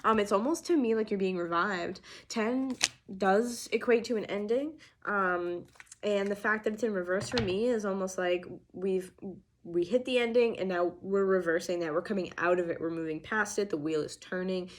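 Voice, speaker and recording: A woman's voice: medium pitch, moderate pace, a little hiss or hum. A young adult woman giving an earnest, emphatic channeled tarot reading, full of restarts and fillers. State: getting emotional. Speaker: tarot reader.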